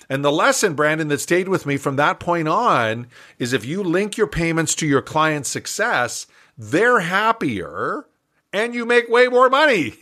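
Animated older man telling a story. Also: fairly high pitch. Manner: lively, animated storyteller who laughs often. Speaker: guest entrepreneur. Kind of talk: storytelling in a podcast interview.

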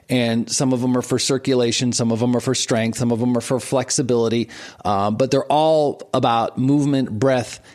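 Guy in his 40s explaining breath stuff on a podcast, mid voice, laughs a lot, lively. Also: mid-range voice. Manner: animated, teaching with examples and frequent laughs. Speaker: martial arts and meditation teacher, guest. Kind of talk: explanatory interview talk.

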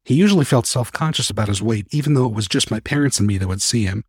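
A man narrating a first-person story as an audiobook reader, calm and even. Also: medium pitch, quick pace, husky, no room sound, clean studio sound.

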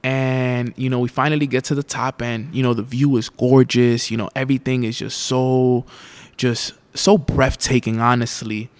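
Male motivational speaker with a middle-pitched voice, casual and filler-heavy, slows down to stress the lesson. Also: little pitch movement. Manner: addresses the listener as "you", many fillers, repeats key lines slowly. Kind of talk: motivational storytelling.

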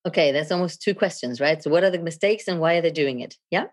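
A middle-aged woman, a video and leadership coach, speaking as a guest in a podcast interview in a theatrical, animated way, laughing often. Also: deep voice, quick pace.

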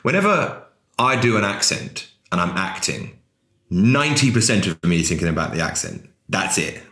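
Deep-voiced wry English man, echoey room. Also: very animated, moderate pace, a bit bright. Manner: wry, self-deprecating, frequent restarts. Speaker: actor guest. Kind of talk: casual interview chat.

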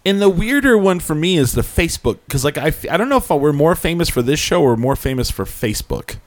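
A man's voice: fairly high pitch, big pitch swings, a little fast. A man telling an anecdote on a casual web show. He rambles, restarts his sentences and circles back to his point in easy chatter. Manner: rambling storyteller, frequent restarts. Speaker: podcast host. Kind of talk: casual chat.

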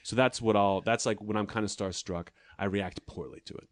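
A man with a lowish voice, speaking quickly and with a dry, sardonic edge. He is a comedian trading stories in a relaxed conversation and sometimes jumps into quick impressions of the people in them. The sound is close and dry, with no room around it. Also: no room sound. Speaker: stand-up comedian guest. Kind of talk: casual chat.

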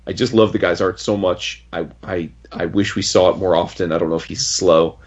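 A man's voice: sits low, steady tone, a little fast. A man casually reviewing a comic book on a podcast, enthusiastic and rambling, with frequent restarts. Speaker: podcast co-host. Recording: dull lo-fi audio.

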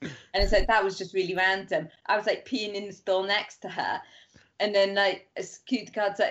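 A woman's voice: medium pitch, brisk. Chatty woman, muffled recording. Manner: rambling anecdotes full of "like", acting out quoted voices. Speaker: guest author. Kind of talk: casual chat. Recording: muffled lo-fi sound.

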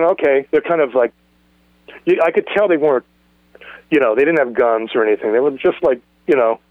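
A guest musician in his sixties with a Californian accent tells a long, rambling story during an interview, restarting and repeating words as he goes. His voice is a little high, recorded on a phone with no echo and a tinny phone-line quality.

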